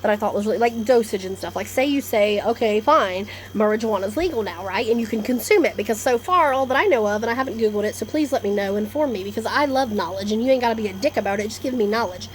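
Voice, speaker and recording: A woman with a somewhat high voice rambles through a casual vlog monologue. She is blunt and swears freely, hopping from one topic to the next. Faint room ambience sits under her voice. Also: fast talker, few pauses, a little hiss or hum. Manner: blunt, profane, animated, jumps between topics. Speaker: vlogger. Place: indoors, storm coming in outside.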